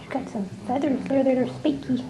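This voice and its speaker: A woman filming her pet bird at home, coaxing and doting on it in soft baby talk. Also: high-pitched, fairly even intonation, a little fast, a crowd in the background. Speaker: pet owner. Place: home, indoors.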